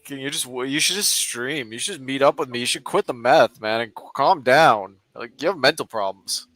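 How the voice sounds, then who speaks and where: Laid-back, teasing man with a bright, dry voice. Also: medium pitch, moderate pace, no echo. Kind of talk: casual stream chat.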